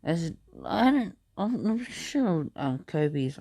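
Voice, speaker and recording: Guy slowly telling his own fan story, gravelly voice, super dry close sound, keeps restarting. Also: a little high, big pitch swings, warm tone, no room sound. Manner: halting and rambling, with many restarts. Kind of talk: improvised casual storytelling.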